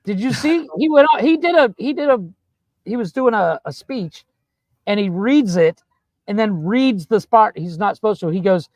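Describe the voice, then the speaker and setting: A man hosts a loose comedy podcast chat in a high voice that leaps around. He jokes a lot, and his sound is dry and close. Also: expressive, darkish tone, no room sound. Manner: joking, quick to act out quotes. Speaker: podcast host. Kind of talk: casual chat.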